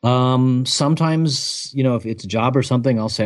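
A man, a photographer, answering interview questions in a relaxed, thoughtful way, laughing easily. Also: medium pitch, moderate pace, few pauses. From United States.

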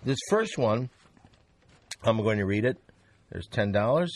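A man hosting a comedy podcast, briskly steering the talk and reading plugs and shout-outs. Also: on the low side, lively intonation, dry recording. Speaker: podcast host.

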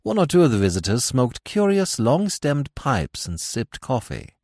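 A man narrating a classic novel in expressive, dramatic storytelling style for a podcast. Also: medium pitch, normal speed, no room sound, clean studio sound.

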